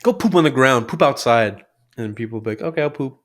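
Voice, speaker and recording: A young man co-hosting a podcast, telling animated, sweary stories about his family. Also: brisk. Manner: animated, sweary, acts out family members in shrill voices. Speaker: podcast co-host. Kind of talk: casual chat.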